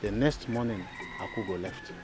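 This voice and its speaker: An actor with a Nigerian English accent playing a village elder who recounts a family's history in a measured way. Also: male voice, fairly low pitch, crowd noise, natural voice. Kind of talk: storytelling. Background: music.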